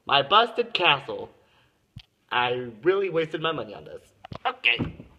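A man's voice: fairly high pitch, big pitch swings, unhurried, very noisy. A man filming a playful parody home tour on his phone, grumbling in mock complaint and slipping into silly exaggerated voices. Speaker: vlogger. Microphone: phone camera.

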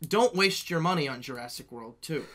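Bright-voiced young man, emphatic chat. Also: on the high side, expressive, fairly quick. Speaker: podcast co-host. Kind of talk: casual chat.

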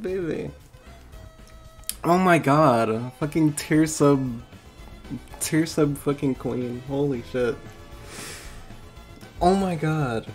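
Overwhelmed excitable male streamer. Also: fairly high pitch. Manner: excited, swearing, laughing, stammering thanks. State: overwhelmed, tearing up. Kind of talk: live stream reaction.

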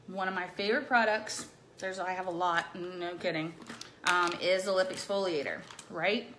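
A woman's voice: medium pitch, fairly bright tone, a little hiss or hum. A middle-aged woman chatting casually through a makeup tutorial, bubbly and playful, with silly rhyming words. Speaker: makeup vlogger.

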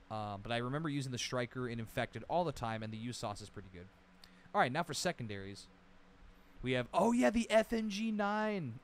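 Male streamer, mid-pitched, loose and rambly, drops a curse here and there, faint background hum. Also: fairly bright tone. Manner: rambling, nostalgic, swears casually, reads out lists. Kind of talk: casual livestream commentary.

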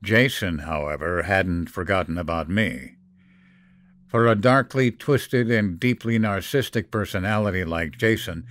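A man narrates a horror story in a measured, dramatic reading. His voice sits on the low side. A steady electrical hum runs clearly beneath the recording.

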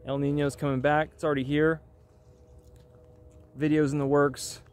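A man's voice: fairly high pitch, flat delivery, moderate pace, clear, resonant tone. A man hosting his own channel in a casual, rambling vlog chat with wry, offhand asides. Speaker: channel host.

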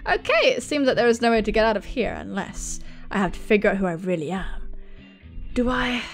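A woman voicing a troubled man lost in a strange game world, reading his dialogue in a quiet, brooding way. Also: medium pitch, very animated, a little fast, soft background music, voice pushed down.

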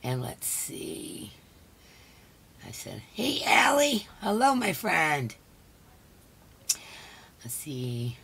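A hoarse woman hosting a casual live stream. She chats along and greets each viewer by name. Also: low voice, very animated, very slow, pauses often, a bit bright. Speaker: livestream host.

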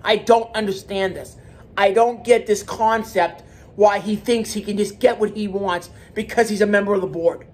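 A man's voice: high voice, moderate pace. A man hosting his own wrestling commentary channel, talking alone in a heated, emphatic way, repeating his points and restarting words. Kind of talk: solo wrestling opinion rant.

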